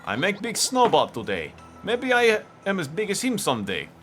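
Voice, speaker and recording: A man's voice: high voice, wildly swooping pitch, moderate pace, a bit bright, faint music behind, pitched above the performer's own voice, heavily acted. Man putting on a mock Russian-style Bob-omb villager. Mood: friendly. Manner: broken, clipped phrasing. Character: male Bob-omb villagers in snowy outpost.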